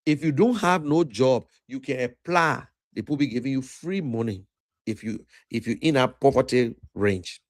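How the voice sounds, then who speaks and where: A man's voice: medium pitch, normal speed, no room sound. A man with a Liberian accent, hosting a livestream and lecturing in an emphatic, repetitive political rant. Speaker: livestream host.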